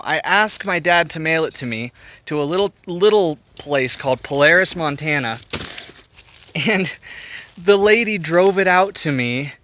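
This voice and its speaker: A man telling stories to his camera on a bike tour, chatty and quick to get excited. His voice sits a bit high, with faint outdoor noise behind him. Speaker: bicycle touring vlogger. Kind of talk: casual vlog narration. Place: outdoors on a mountain bike route.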